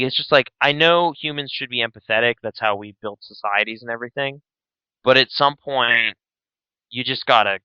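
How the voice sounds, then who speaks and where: A man's voice: medium pitch, clean tone, no echo. A man co-hosting a podcast in casual chat, rambling and grumbling, with a mock-grouchy edge. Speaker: podcast co-host. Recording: slightly dull dry sound.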